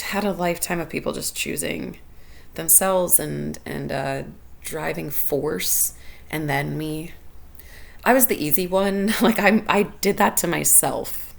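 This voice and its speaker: A woman's voice: low voice, gravelly, slight background noise. A woman hosting a solo podcast, talking candidly and personally about her own life, often laughing and repeating her phrases. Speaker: podcast host. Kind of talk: reflective solo podcast talk.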